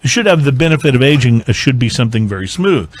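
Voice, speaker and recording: Male host, casual tasting chat, lively up-and-down delivery, rambling with fillers. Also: medium pitch, fast talker, husky. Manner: animated, meandering with many fillers. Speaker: podcast host.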